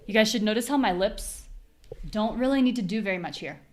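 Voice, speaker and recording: A woman's voice: mid-range voice, a little mellow. American woman teaching pronunciation drills. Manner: clear, demonstrative, repeats syllables slowly for drills. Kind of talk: live online pronunciation class.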